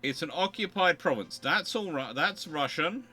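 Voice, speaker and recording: A man's voice: on the high side, lively intonation, moderate pace, bright, forceful tone. A man thinking aloud as he plays a naval strategy game live, getting exasperated and mock-outraged. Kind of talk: live gameplay commentary. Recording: faint background music.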